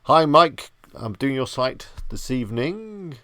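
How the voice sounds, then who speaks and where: A man's voice: mid-range voice, sing-song, slow, sharp tone, dry recording. A man hosting a live stream, chatting with viewers in an easygoing, rambling way. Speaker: livestream host. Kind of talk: casual live-stream chat.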